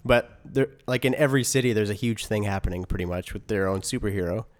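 A low-voiced man chatting on a casual podcast. He sounds laid-back and easygoing, chuckling now and then and letting his sentences drift into quiet asides. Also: fast talker. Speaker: podcast co-host. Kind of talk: casual chat.

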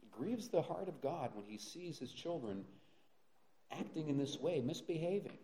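A man's voice: fairly high pitch, expressive, moderate pace, mellow, a little hiss or hum. A male pastor preaching a sermon, earnest, with rhetorical questions and frequent fillers and restarts. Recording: roomy echo.

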